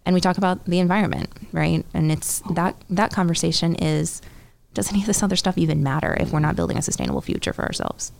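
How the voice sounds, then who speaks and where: An earnest woman in her thirties, a congressional candidate answering interview questions. Her voice sits a little low with a gravelly edge, and she lines up her points one by one, checking in with "right?". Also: lively intonation, quick pace, a little hiss or hum. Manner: earnest, talks in lists, often adds "right?". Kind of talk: political interview.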